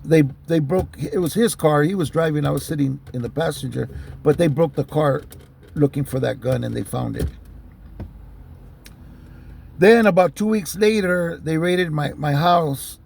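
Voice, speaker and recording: Gravelly man telling a street story. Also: fairly high pitch, normal speed, a little mellow, a little hiss or hum. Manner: loose and profane, many fillers like "you know". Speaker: storyteller recounting a police stop. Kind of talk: casual spoken storytelling.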